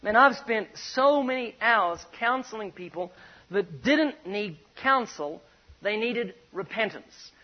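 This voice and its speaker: A man's voice: sits high, animated, slow pace. A man with a New Zealand accent preaching a sermon, telling stories with emphatic, punchy repetition. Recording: dull muffled recording.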